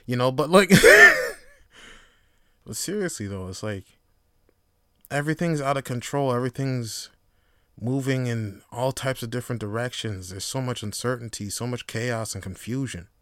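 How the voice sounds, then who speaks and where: Smooth-voiced man musing on a podcast. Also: medium pitch, no room sound, clean studio sound. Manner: profane, rambling, reflective, swings into animated storytelling. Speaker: podcast host. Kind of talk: casual solo podcast monologue.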